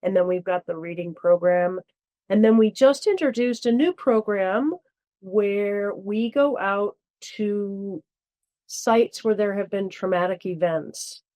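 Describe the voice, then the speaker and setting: Slow, halting woman guest. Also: mid-range voice, mellow. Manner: halting, many fillers and restarts. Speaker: guest, charity board member. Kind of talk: casual interview chat.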